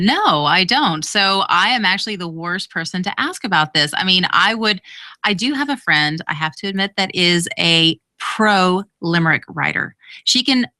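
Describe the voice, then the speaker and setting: A woman author, a guest on a podcast, telling frank, lively stories in casual chat. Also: fairly low pitch, no echo. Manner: frank, animated storyteller.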